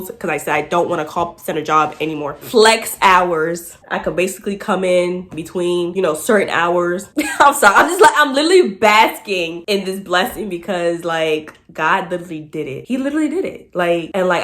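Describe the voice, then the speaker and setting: A woman vlogger, telling a casual story and acting out quotes in high voices, laughing often. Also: fairly bright tone.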